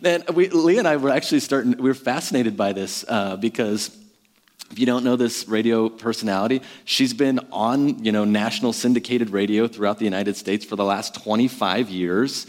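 Pastor, man, 30s, relaxed conversational sermon, filler-heavy, hall reverb. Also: lowish voice, normal speed. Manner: conversational, self-deprecating, lots of fillers.

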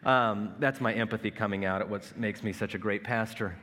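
A man's voice: on the low side, steady tone, fairly quick, sharp tone, a little hiss or hum. A man in his thirties preaching a sermon as pastor, conversational and self-mocking, telling family stories. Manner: conversational, self-mocking humor with acted-out anecdotes. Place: large church worship space. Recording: long hall reverb.

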